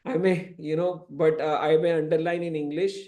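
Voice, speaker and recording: A man's voice: fairly high pitch, little pitch movement, moderate pace, warm tone. A man teaching a scripture class, explaining at length with frequent "you know" asides. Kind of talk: lecturing to a class. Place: temple classroom.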